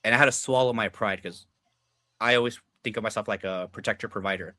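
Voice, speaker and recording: A man's voice: fairly low pitch, fast, pushed and bright, no echo, studio quality. A young adult man, a podcast guest, telling personal stories in a loose, casual way, swearing freely, leaning on filler words and acting out what people said. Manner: loose and profane, heavy filler words, acts out quoted dialogue. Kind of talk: casual storytelling chat.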